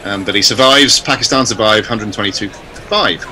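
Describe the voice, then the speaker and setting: Man, cricket commentator, low voice, bright tone, chatty, faint noise. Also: rough recording. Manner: measured, chatty, self-deprecating. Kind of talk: ball-by-ball commentary.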